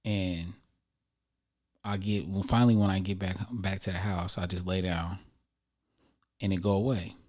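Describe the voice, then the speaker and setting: A man with a very low, mellow voice recounts a personal story for his vlog. He talks in a loose, slangy, conversational way. The delivery is laid-back storytime. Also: normal speed, long pauses. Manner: relaxed, conversational, slangy retelling. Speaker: vlogger telling a personal story. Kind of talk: casual storytime.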